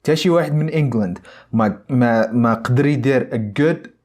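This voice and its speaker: A man gives a casual film review, excitable and profane, switching between Arabic and English. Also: medium pitch, rapid-fire.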